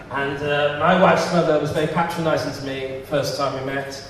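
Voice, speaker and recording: A man doing stand-up comedy, lively and laughing through his punchlines. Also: on the high side. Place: comedy club stage. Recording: distant echoey hall with noise.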